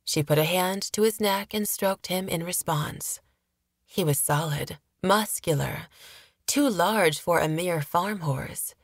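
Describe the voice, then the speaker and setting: Low-voiced woman narrating a fantasy audiobook. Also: dry recording, clean studio sound. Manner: steady, measured storytelling.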